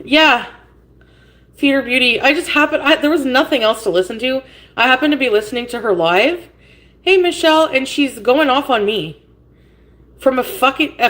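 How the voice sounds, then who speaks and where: A woman with a high voice talks on a livestream from her home. She greets viewers in chat by name, then launches into a blunt, cursing, confrontational rant. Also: a bit bright.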